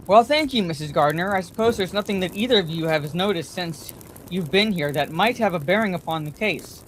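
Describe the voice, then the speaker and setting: A woman voicing a brisk, impatient middle-aged colonel questioning witnesses in a bedtime story reading. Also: lowish voice, lively intonation, slight background noise, close to an everyday voice, low-quality recording.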